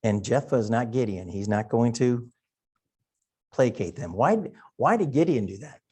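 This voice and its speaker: A man's voice: mid-range voice, animated, normal speed, warm tone, husky. A middle-aged man from Wisconsin teaching a Sunday Bible class, talking in a folksy, conversational way and thinking aloud. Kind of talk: Sunday school Bible lesson.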